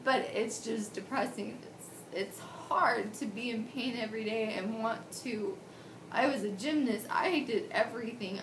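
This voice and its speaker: A woman in her twenties, her voice on the high side and her pace measured, shares her surgery story as a patient in a personal video diary. She's candid and emotional, rambling and restarting often. The audio is poor and reverberant, with slight background noise.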